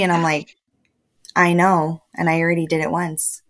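Lower-pitched woman in her twenties, lively storyteller. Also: moderate pace. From El Paso, Texas. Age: 20s. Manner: lively, often laughing, acts out quoted dialogue. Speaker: podcast guest. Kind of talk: casual conversational storytelling.

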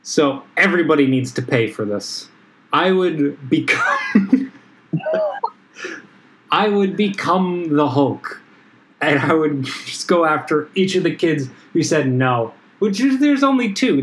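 A man's voice: fairly high pitch, expressive, unhurried, slight background noise, low-quality recording. A man chatting casually, joking around and laughing often. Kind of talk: casual chat.

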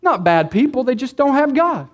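A man's voice: very high voice, very animated, moderate pace. A male pastor preaching a sermon in a church, addressing the congregation with direct questions and stretching and repeating key words for emphasis.

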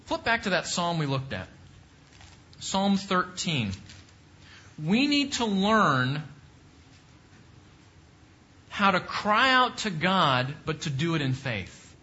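A man's voice: high-pitched, very animated, takes it slowly, long pauses, sharp tone, lo-fi sound. A man teaching a Bible class, preaching emphatically and repeating points with rising questions.

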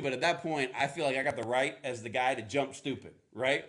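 A man preaching a sermon in a casual, animated storytelling manner, acting out playful voices. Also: medium pitch, fairly quick, hardly any pauses. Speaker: pastor.

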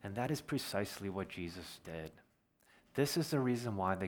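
A man preaching a sermon, earnest and explanatory, slowing down to stress key words. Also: lowish voice, animated. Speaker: pastor.

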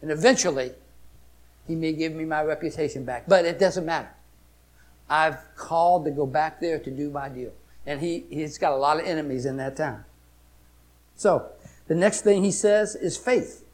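Emphatic male preacher with a high voice, shifting between loud outbursts and quiet storytelling. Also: steady tone, moderate pace. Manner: emphatic, swings from loud exclamations to hushed storytelling. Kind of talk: sermon.

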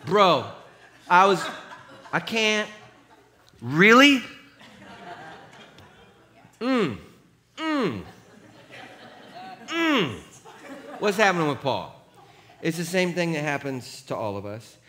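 Male pastor, middle-aged, animated sermon delivery, laughs at himself, bright forceful tone. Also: sits high, slow pace, long pauses. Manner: has the congregation read along aloud.

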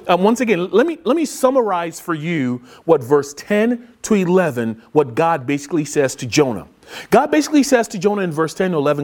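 Animated man preaching a lively sermon. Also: high-pitched. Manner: animated preaching, acts out quoted voices. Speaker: pastor. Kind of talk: sermon podcast.

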